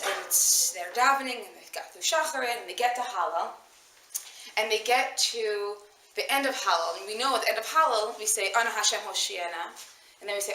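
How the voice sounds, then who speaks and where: A woman from New York with a New York accent, telling a story in a chatty, animated way during an informal Torah class. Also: medium pitch. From New York, USA. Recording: echoey room, distant mic, faint noise.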